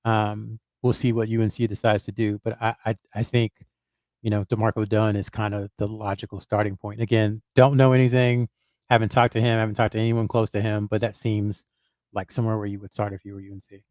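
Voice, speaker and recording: A man's voice: lowish voice, level tone, a little fast, darkish tone, no room sound, clean studio sound. A man on a podcast, a basketball reporter who hedges and thinks aloud with lots of fillers and restarts. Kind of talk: casual podcast chat.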